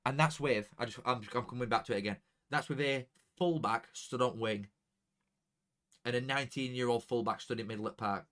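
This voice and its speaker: A young man talking casually to viewers during a football watchalong, chatty and excitable, dropping into flat mutters and jumping to loud outbursts. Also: mid-range voice, fairly quick. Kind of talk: casual live commentary to viewers.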